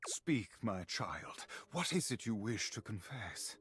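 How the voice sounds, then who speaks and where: A pious video game friar who takes confessions with sanctimonious, drawn-out formality. His pitch swoops and lilts with a lively range, and he sounds quietly delighted by the sins he condemns. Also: exaggerated voice. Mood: solemn. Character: pious, smug male friar hearing confessions, secretly relishing sin.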